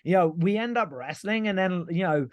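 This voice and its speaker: The recording is dry and lo-fi, carrying a man's high voice at normal speed. He's a pro wrestler guesting on a podcast, spinning a long, rambling yarn full of "like," "you know," and casual cursing.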